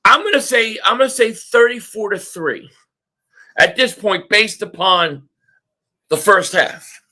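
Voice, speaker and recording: A man hosting a live sports reaction stream, ranting excitably and often shouting at the game. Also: high voice, unhurried. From Philadelphia area.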